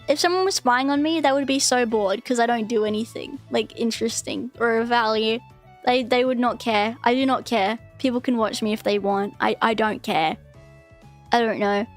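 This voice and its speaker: A young woman streamer ranting casually, swearing often and mocking people in exaggerated voices. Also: fairly high pitch. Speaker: VTuber streamer.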